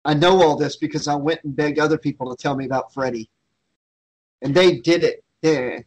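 A man in a loose, chatty movie commentary, dropping trivia about the film between jokes. His voice sits a bit higher than most men's. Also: fairly even intonation, fairly quick, a little mellow, rough recording. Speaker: riff commentary co-host. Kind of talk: casual riffing movie commentary.

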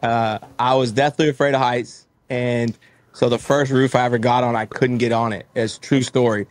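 A man's voice: medium pitch, level tone, normal speed, no room sound. Earnest motivational man, dry sound. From Texas. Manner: earnest, motivational, acts out his own inner voice. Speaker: guest, roofing business owner. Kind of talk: casual interview storytelling.

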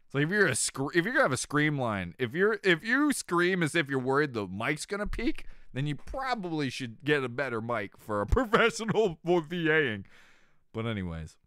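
A man streaming a game, chatting casually, excitable and swearing, jumping into shouts and tangents. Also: a little high, normal speed, smooth, no room sound, clean studio sound. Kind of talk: let's play commentary.

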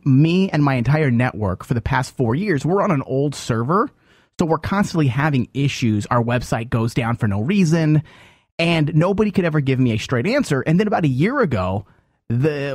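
A man's voice: on the high side, no echo, clean studio sound. A man hosting a radio talk show, telling a long griping story in casual banter and mimicking phone agents.

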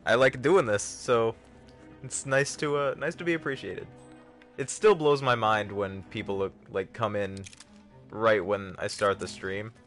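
A man's voice: on the low side, fairly even intonation, unhurried, fairly bright tone, faint music behind. A man giving casual, joking commentary on a gaming livestream, chatting with viewers. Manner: chatty, joking, talks to chat. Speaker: streamer.

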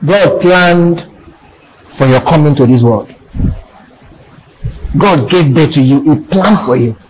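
A man's voice: fairly high pitch, slow, a little mellow, rough recording. A middle-aged man with a Nigerian accent preaching a sermon in church, repeating key phrases and constantly checking that the congregation is following. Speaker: pastor.

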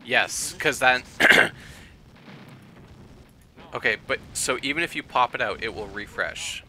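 A man streaming a game and chatting casually with his viewers, thinking aloud and clearing his throat often. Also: mid-range voice, slow, bright, forceful tone, slight background noise.

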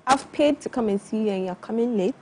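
A woman on a chat panel, blunt and quick to jump in. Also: fairly high pitch, dark tone, breathy edge. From Ghana.

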